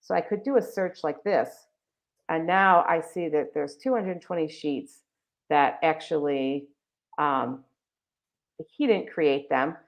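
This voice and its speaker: A woman's voice: deep voice, slow pace. A woman presenting a live webinar, walking viewers through a website in a chatty, enthusiastic way with many fillers. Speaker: webinar presenter for a text library. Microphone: video call. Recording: dull lo-fi video call audio.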